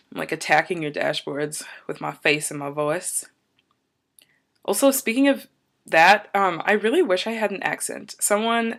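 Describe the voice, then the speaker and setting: A young adult woman vlogs casually to camera in a lowish voice with a fairly bright tone. She's upbeat and chatty, rambling and wandering off on tangents.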